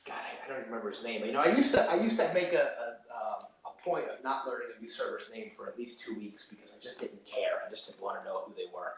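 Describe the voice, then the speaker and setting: A man's voice: mid-range voice, animated, fast, hardly any pauses, fairly bright tone. A man in his thirties, a chef, chatting on a podcast in a rambling way with lots of fillers and restarts. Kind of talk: casual podcast interview. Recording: dull, roomy, faint noise.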